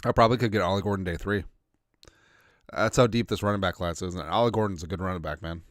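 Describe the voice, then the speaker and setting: A man hosting a casual sports livestream, rambling as he reads out viewer shout-outs, a little congested. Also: deep voice, quick pace, no room sound, studio quality. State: congested, coughing. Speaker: podcast host.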